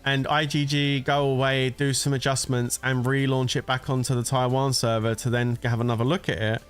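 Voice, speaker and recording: A man's voice: medium pitch, flat delivery, normal speed, smooth, faint music behind. Chatty man streaming a game. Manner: chatty and jokey, often laughing. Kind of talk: casual gameplay commentary.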